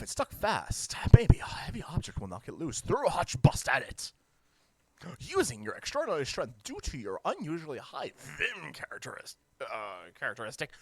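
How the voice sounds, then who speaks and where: A person reading a webcomic aloud with reactions, hammy and jokey, swinging between deadpan lines and shrill outbursts. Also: no room sound. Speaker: reader of a webcomic.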